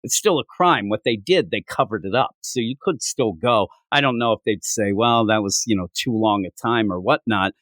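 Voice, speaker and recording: A man co-hosting a comic book podcast in casual review chat, animated and prone to acting out dialogue. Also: on the low side, normal speed, hardly any pauses, no echo. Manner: animated, acts out dialogue with loud outbursts. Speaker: podcast co-host.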